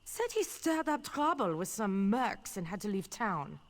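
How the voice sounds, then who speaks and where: A woman's voice: medium pitch, big pitch swings, a little slow. An actress voicing a blunt, wry townswoman in a fantasy video game.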